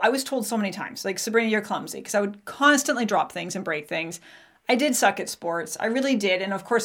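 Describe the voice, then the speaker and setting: A woman's voice: medium pitch, a bit bright. A woman in her forties, a podcast host, telling a candid personal story and acting out remembered dialogue.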